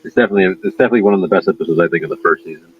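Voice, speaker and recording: A man co-hosting a podcast, talking rapidly and loudly with enthusiasm. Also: sits low, breathy edge, narrow, tinny audio. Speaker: podcast co-host. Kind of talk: casual chat.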